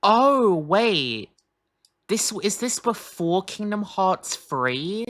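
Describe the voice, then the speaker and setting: A reaction streamer who talks casually, asking rambling, confused questions and swearing often. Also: male voice, high-pitched, sing-song, drawn-out words, fairly bright tone.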